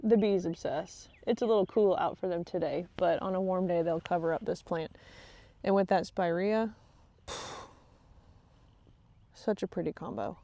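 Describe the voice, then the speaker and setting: A woman's voice: lowish voice, moderate pace, vocal fry, long pauses, warm tone, no echo. A woman hosting a casual gardening vlog outdoors in her garden, chatty and easily distracted, laughing often. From Texas. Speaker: gardening channel host. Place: outdoor garden on a rainy day.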